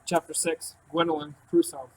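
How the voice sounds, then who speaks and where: A man reading a first-person novel aloud in a calm, even storytelling voice. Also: fairly high pitch, normal speed, slight background noise, low-quality recording. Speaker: audiobook narrator. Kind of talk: first-person audiobook narration.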